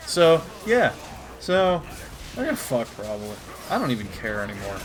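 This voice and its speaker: A man's voice: mid-range voice, huge pitch swings, normal speed. A man doing comedic commentary while reading a comic aloud, crude, profane and exasperated. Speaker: YouTuber.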